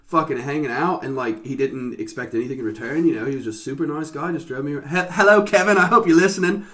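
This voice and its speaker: A man's voice: on the high side, fast, fairly bright tone. Profane, rambling man telling stories. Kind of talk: casual chat.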